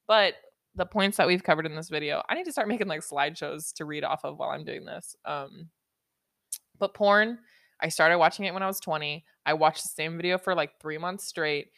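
A woman's voice: low-pitched, brisk, a bit bright, dry recording, clean studio sound. A woman hosting a solo podcast, rambling and joking with lots of swearing and laughter. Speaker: podcast host. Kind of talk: casual solo podcast monologue.

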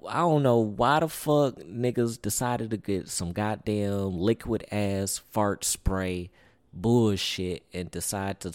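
A young man tells a long story in a loose, rambling way, full of profanity and "or whatever". His voice sits very low. The recording is dry and close, with no room sound. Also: darkish tone, no room sound. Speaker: podcast host. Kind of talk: casual storytelling.

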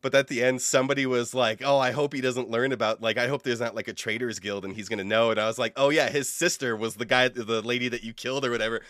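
A man's voice: mid-range voice, steady tone, fast, hardly any pauses, fairly bright tone, dry recording, clean studio sound. A man co-hosting a podcast, telling a rambling story in casual chat with lots of fillers and restarts. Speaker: podcast co-host; game master.

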